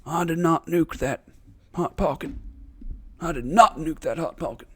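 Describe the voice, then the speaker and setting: A man's voice: on the high side, measured pace, bright, forceful tone, husky, voice pushed up, exaggerated voice. A man voicing a sheepish man giving a mock-formal denial that he ate snacks. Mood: mock-solemn.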